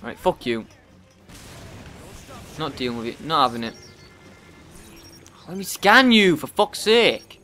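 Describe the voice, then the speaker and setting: A man giving profane let's play commentary, often yelling at the game in frustration. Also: fairly high pitch, big pitch swings, slow pace, pauses often, faint music behind. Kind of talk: gameplay commentary.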